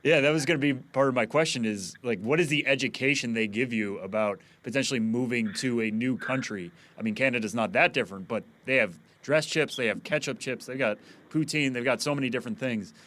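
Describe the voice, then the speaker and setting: A man's voice: medium pitch, a little fast, fairly bright tone. A man hosts a casual podcast interview with a mid-range voice. He asks his questions in a friendly, chatty way. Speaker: podcast host.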